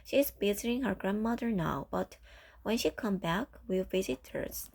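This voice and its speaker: A woman's voice: medium pitch, moderate pace, vocal fry, darkish tone, slightly rough. A woman voicing a stern older woman who takes in an orphan, firm and clipped, in a storybook reading.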